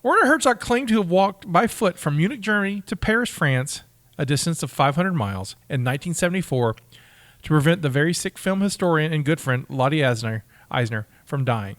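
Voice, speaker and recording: A man's voice: fairly high pitch, animated, a little fast, fairly bright tone, dry recording. Chatty man reading fun facts. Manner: enthusiastic, reads facts aloud with stumbles and laughs. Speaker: podcast co-host. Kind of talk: casual chat.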